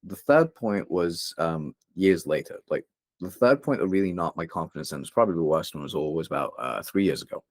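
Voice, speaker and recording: Deep-voiced young man telling a raw story. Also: animated, fairly quick, dry recording, clean studio sound. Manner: open, emotional, rambling with many fillers. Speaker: podcast guest, copywriter. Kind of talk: candid interview storytelling.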